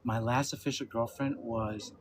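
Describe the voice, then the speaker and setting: A man's voice: mid-range voice, steady tone, moderate pace, over music. A man in his fifties hosting a casual livestream chat, laughing often and talking loosely with some swearing. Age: 50s. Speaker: livestream host. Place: at home with his dogs.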